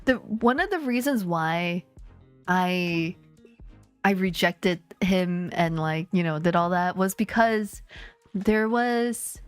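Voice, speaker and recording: A woman streamer telling a story in casual chat, swearing freely and laughing often. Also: fairly low pitch.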